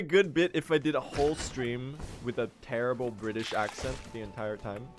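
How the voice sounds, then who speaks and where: A man streaming a speedrun, chatting casually with his viewers in an excitable, joking way and laughing often. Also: mid-range voice, moderate pace, a little hiss or hum.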